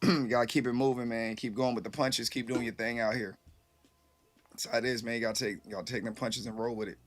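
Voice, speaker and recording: A man's voice: mid-range voice, fairly even intonation, quick pace. A man casually chatting with his live-stream viewers, rambling loosely and swearing freely, a little tipsy.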